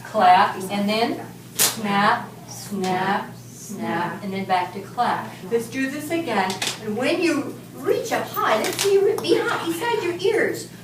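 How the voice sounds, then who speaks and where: Slow-speaking woman teacher in echoey classroom. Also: on the high side, expressive. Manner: slow, patient, leads clapping and chanting. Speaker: music teacher. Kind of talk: classroom instruction with rhythm chants. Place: elementary school classroom. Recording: echoey classroom from far off, noisy.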